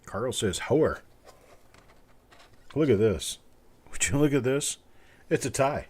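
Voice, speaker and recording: A man's voice: mid-range voice, lively intonation, unhurried, darkish tone, husky. A man hosting a live coin giveaway stream, chatting casually in an upbeat, joking way as he calls out viewers' names. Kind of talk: casual livestream chat.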